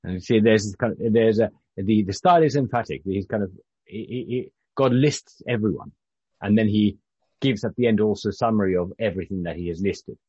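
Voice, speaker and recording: A low, slightly husky man from Britain leads a relaxed Bible study group. He talks in a loose, halting way, often restarting his sentences. The recording is dry and a little muffled. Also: no room sound. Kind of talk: informal Bible teaching.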